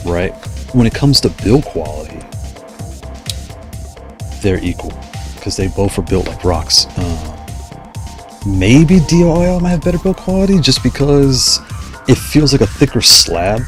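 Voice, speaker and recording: A man hosting a livestream, chatting casually and enthusiastically, often drifting off on digressions. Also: lowish voice. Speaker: livestream host.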